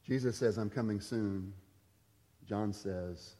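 Male pastor, sermon delivery, mid pitch, shifts between urgent emphasis and hushed asides, long hall reverb. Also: lively intonation, normal speed.

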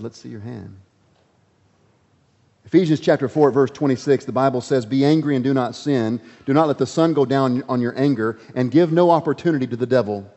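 A man preaching a sermon, dramatic, swinging from loud emphatic lines to hushed ones. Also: mid-range voice. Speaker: pastor. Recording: dull audio with long hall reverb.

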